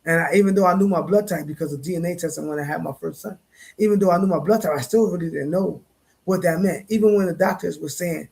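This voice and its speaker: Man, high voice, gravelly, husky, casual livestream talk, emphatic and repetitive. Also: fast talker, darkish tone. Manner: repetitive, emphatic, conversational with slang. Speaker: streamer host.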